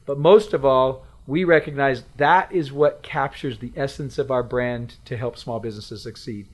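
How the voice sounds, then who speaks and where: A man sits as a guest on a business talk show and speaks about his company. His voice is of medium pitch. He sounds earnest and measured. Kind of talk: business interview.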